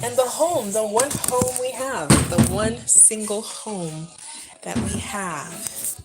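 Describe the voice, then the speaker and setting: A soft-spoken woman, a mother and vlogger, chatting gently and reflectively in a casual live stream from home. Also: mid-range voice, slow, loud music behind the voice, rough recording. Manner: gentle, reflective, talks to viewers and her child. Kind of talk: casual live vlog chat.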